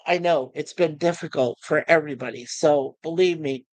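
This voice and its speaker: A middle-aged man hosting his channel, talking to viewers in a halting, emotional way with many restarts and repeated words. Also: a little high, no echo, low-quality recording. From United States. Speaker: YouTube channel host. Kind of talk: emotional personal talk to viewers.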